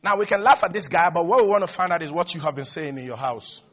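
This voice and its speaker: A male preacher delivers a lively sermon in a notably high, piercing voice. He swings from quiet, confiding asides to shouted peaks. Soft music sits faintly behind him. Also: quick pace. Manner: animated, swinging from hushed to shouting. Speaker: pastor.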